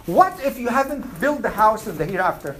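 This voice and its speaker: A woman's voice: fairly high pitch, big pitch swings, a little fast, noisy background. A woman teaching an Islamic class, asking her students questions and repeating her points. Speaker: religious teacher.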